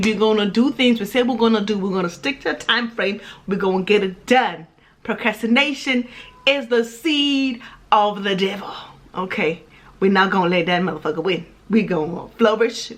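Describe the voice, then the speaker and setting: A sassy woman vlogger with a slightly higher voice speaks straight to her viewers. She talks emphatically, hammering her points home with repeated words and short rhetorical questions. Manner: sassy and emphatic, lively repetitions. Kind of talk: casual vlog monologue.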